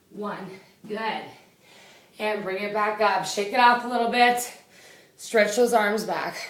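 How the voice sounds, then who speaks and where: A woman leading a home workout, with a loud voice, out of breath as she exercises and counts reps in a chatty way. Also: fairly high pitch, a little hiss or hum. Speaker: fitness instructor. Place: small indoor room. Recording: echoey room from a distance.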